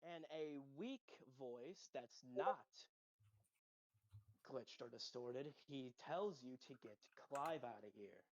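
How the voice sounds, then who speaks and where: A man's voice: mid-range voice, animated, takes it slowly, no echo. A man playing in a tabletop game, describing his character's actions in a matter-of-fact way. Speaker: player. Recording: muffled lo-fi mic.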